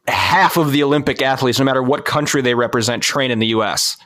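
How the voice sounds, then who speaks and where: A man's voice: mid-range voice, fast talker, fairly bright tone, no room sound, studio quality. A man co-hosting a casual car podcast, chiming in with wry asides. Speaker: podcast co-host.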